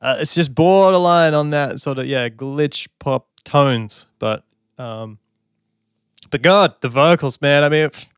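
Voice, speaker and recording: A man's voice: fairly high pitch, a little slow, clean tone, dry recording, studio quality. A man, a songwriter, giving casual, enthusiastic commentary on an album and scatting melodies as he talks. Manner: enthusiastic, chatty, hums and scats melodies. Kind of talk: casual music reaction commentary.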